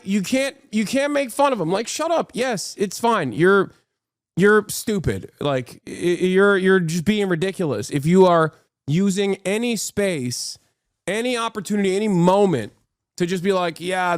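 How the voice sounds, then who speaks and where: A man's voice: sits high, dry recording, studio quality. A man in his thirties hosting a stream, giving heated, sarcastic political commentary and reacting to chat. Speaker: streamer host.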